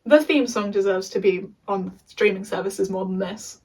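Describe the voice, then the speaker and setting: A woman's voice: medium pitch, moderate pace, darkish tone, husky, far from the mic, rough recording. A young English woman recapping a TV show in a casual, chatty rant with sarcastic asides. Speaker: video essayist.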